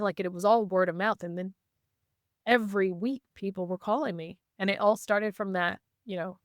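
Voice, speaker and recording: A woman guest in a casual interview, telling stories in a lively way and acting out what people said. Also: fairly low pitch, dry recording, studio quality. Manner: lively, acts out quoted dialogue. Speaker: podcast guest, intuitive reader.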